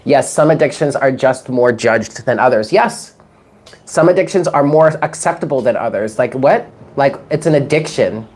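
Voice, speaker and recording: A woman giving a live-streamed tarot reading, chatting warmly with viewers in the chat and moving into spoken prayer and affirmations. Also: extremely low pitch, expressive, moderate pace. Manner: chatty and affectionate, reads chat names aloud. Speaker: tarot reader.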